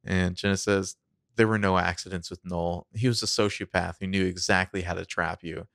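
A man co-hosting a recap podcast in a casual chat, relaxed and wry, with lots of fillers. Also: deep voice, moderate pace, gravelly, no echo, clean studio sound. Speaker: podcast co-host recapping a TV episode. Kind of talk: casual chat, narrating scenes.

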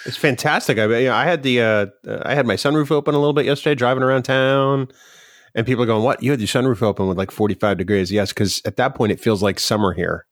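A man's voice: medium pitch, fairly even intonation, quick pace, no echo. A man from New Hampshire co-hosting a podcast with dry, joking banter. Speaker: podcast host. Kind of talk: casual chat.

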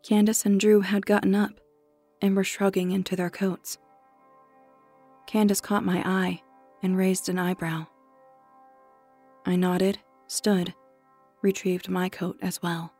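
Woman narrator, warm and breathy, measured storytelling pace, faint music underneath. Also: mid-range voice, level tone. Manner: measured, dropping to a hushed whisper at tense moments. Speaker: audiobook narrator. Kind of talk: scripted first-person narration.

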